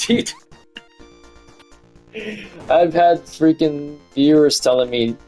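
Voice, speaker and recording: A man's voice: medium pitch, unhurried, long pauses, faint music behind. A man streaming a game with casual chatty commentary, laughing often and humming along, his voice tired after hours of talking. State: voice fatigue.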